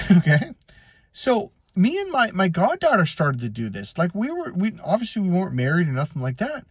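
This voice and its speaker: A middle-aged man from Wisconsin telling personal stories as a life coach, animated and acting out quoted voices. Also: normal speed, breathy edge, no room sound. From Wisconsin, USA. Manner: animated, swings between high and low pitch, acts out quotes. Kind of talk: personal storytelling monologue.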